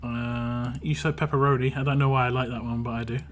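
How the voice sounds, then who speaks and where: A man's voice: medium pitch, flat delivery, brisk, soft background music. A man casually streaming a mobile game, reading viewer comments aloud in a playful sing-song and chatting about characters.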